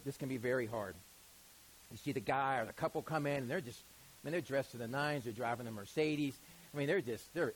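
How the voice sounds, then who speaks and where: High-voiced male pastor preaching. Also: low-quality recording. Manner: conversational preaching with rhetorical questions; stretches out key words for emphasis. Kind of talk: sermon.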